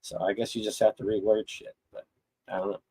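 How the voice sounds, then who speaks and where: A man's voice: lowish voice, flat delivery, brisk, mellow, breathy edge, rough recording. Middle-aged guy ranting on his live stream, swears a lot, blunt, keeps restarting his sentences. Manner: blunt, profane, rambling with restarts. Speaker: host of a live chat stream. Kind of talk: casual livestream rant.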